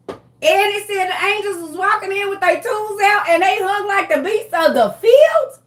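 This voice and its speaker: A woman delivering a comedic monologue in a slangy, animated way, often breaking into laughter. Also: extremely high pitch, unhurried. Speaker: comedian vlogger.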